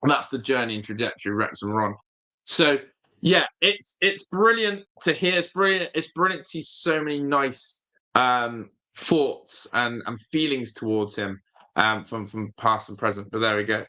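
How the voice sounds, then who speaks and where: This football fan channel host speaks at normal speed in a medium-pitched voice with a sharp tone. On his casual stream he talks right to viewers, sounding emphatic and frequently repeating himself.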